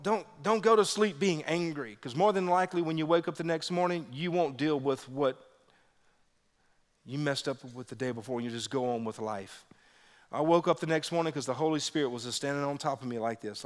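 A man's voice: a little fast, big-room sound. A man preaching a sermon as pastor, telling personal stories and acting out quotes with big swings in his voice. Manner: animated, acts out quotes with big pitch jumps.

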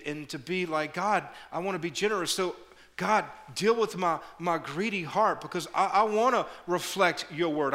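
A middle-aged man preaching as a pastor, telling stories with animated energy and dropping into quiet prayer, often repeating words. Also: medium pitch. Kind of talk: sermon.

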